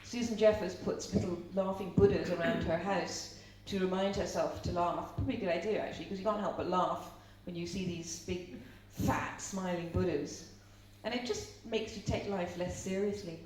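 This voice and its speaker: A middle-aged woman from Ireland speaks in a slightly low voice at a live seminar, telling stories and asking the audience questions. She sounds distant from the mic in a very echoey room, with a faint hum underneath. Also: steady tone, normal speed, few pauses, darkish tone. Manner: chatty storyteller, asks the audience questions.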